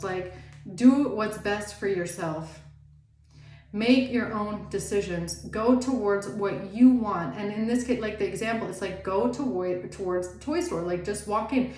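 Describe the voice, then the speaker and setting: A woman's voice: mid-range voice, a little slow, a little mellow. Woman tarot reader, casual and rambling, filler-heavy, in an echoey room with a faint hiss. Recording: roomy echo, faint background noise.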